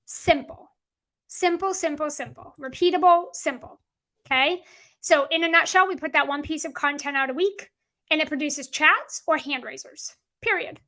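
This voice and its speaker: Woman, business coach, high voice, emphatic, repeats her points, masterclass teaching. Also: normal speed, pushed and bright. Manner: emphatic, repetitive, acts out quoted clients.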